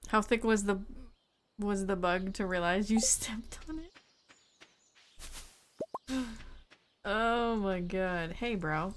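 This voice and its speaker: A woman's voice: medium pitch, slow, long pauses, a little hiss or hum. A woman streaming a farming game in a casual chat, thinking aloud and answering her chat.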